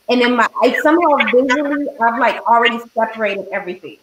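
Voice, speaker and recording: A woman hosting a casual interview, animated and quick to react. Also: fairly high pitch, background noise. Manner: animated, reacts with short exclamations. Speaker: interviewer host. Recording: echoey room, faint clicks.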